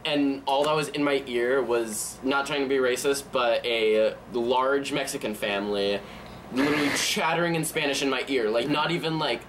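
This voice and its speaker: A teenage boy spinning animated stories in casual talk, swearing freely and talking over others to hold the floor. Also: mid-range voice, moderate pace, natural voice. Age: teens. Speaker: teenager in a group. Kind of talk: casual improvised conversation. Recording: distant mic with steady ambient noise.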